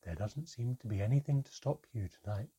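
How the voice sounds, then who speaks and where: A man voicing a calm, terse older female goblin who speaks slowly and quietly. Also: mid-range voice, breathy edge, dull audio, pitched above the performer's own voice. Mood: measured. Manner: slow, quiet and measured.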